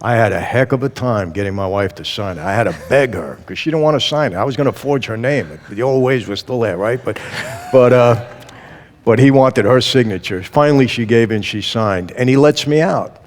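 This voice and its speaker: A man tells his story as an interview guest, animated and acting out each quoted exchange. His voice sits at an everyday male pitch. A long reverb hangs behind it, as if recorded in a large hall. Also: brisk. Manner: lively storyteller who acts out quoted dialogue. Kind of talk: storytelling testimony.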